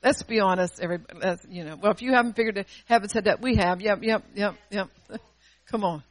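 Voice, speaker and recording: A woman preaching a sermon with call-and-response asides, swinging between loud bursts and hushed passages. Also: medium pitch, fast, dry recording, rough recording.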